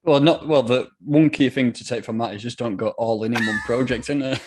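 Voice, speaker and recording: A man as a podcast guest, chatting in a relaxed way, swearing casually and chuckling. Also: mid-range voice, a little fast, background noise.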